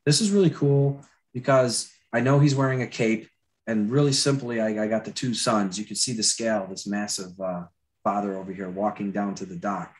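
A man's voice: fairly low pitch, normal speed. Man with a dry throat demonstrating storyboards. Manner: loose, chatty, many fillers and restarts. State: dry throat, clearing it often. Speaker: storyboard artist teaching a demo. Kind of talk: live drawing demonstration.

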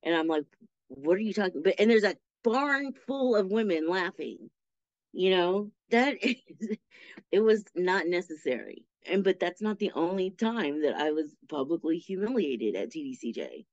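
A woman guest telling her story in an interview, animated and acting out the voices of people she quotes. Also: fairly low pitch, moderate pace, no room sound, dull audio. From Texas.

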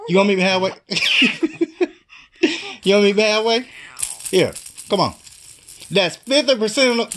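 A young father coaxing his baby to crawl, playful and teasing, dipping low and jumping into high baby talk. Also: big pitch swings, normal speed, pauses often, fairly bright tone, slight background noise.

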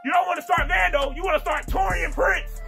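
A man's voice: very high-pitched, fairly even intonation, fairly quick, vocal fry, sharp tone, faint music behind. A man hosting a casual sports reaction video, ranting in exasperation and repeating the same phrases over and over.

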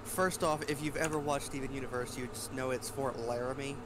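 A young man helps run the game, dry and practical with a light teasing edge. His pitch sits in an ordinary middle range. A clear hiss of noise runs under his voice. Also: fairly even intonation, fairly quick. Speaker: co-player. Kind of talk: casual gaming banter.

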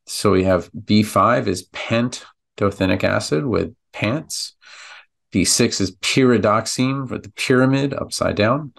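Guy with a low gravelly voice, laid-back podcast lesson, lots of uhs. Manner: relaxed, chatty, with many fillers. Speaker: pharmacist podcast host. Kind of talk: narrated slide lesson.

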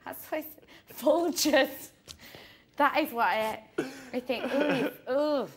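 A woman's voice: high-pitched, slow pace, a little hiss or hum. A woman in a reality show house, ranting late at night with heavy swearing and laughing through her words. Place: shared house bedroom at night.

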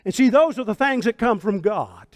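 A man in his sixties preaching a sermon as pastor, folksy and fervent, swinging from hushed talk to shouts. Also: high-pitched, expressive, normal speed, no echo, clean studio sound. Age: 60s.

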